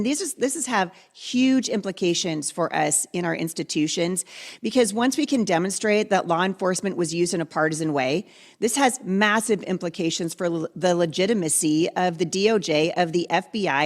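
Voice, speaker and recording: A woman guest commentator on a political talk show, speaking in an emphatic, indignant way. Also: fairly low pitch.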